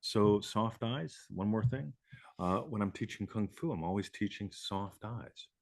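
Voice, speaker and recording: A man's voice: on the low side, unhurried, vocal fry, no echo, studio quality. A man hosting a live show, talking casually in a rambling way, swearing and laughing often. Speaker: host.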